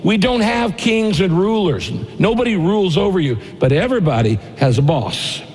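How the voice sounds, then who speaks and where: Middle-aged male pastor, emphatic sermon delivery, slightly high voice, big reverberant church hall. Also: expressive, a little mellow. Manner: emphatic, repeats key phrases, slows for scripture. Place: church auditorium. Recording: long reverb of a large hall.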